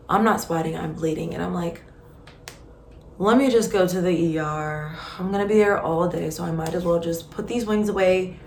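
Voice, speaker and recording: A woman with a somewhat low, conversational voice recounts a personal story as a podcast host. She speaks expressively and candidly, full of likes and ums. The room adds noticeable echo, with a faint hum of background noise. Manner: expressive, conversational, lots of fillers. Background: faint ambient noise, passing truck.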